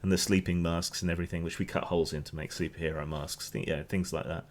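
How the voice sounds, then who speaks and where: Host: Hampshire man, very low voice, loose rambling news commentary, lots of restarts. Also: fairly even intonation, fast talker. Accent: Hampshire English. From England. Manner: rambling, restarts often, opinionated.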